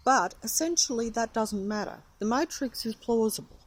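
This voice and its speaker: A woman with a fairly high, slightly rough voice talks animatedly at a normal speed, rambling into the camera of a handheld phone as she films outdoors on a residential street. This vlogger is chatty and meandering, addressing both the camera and her cat.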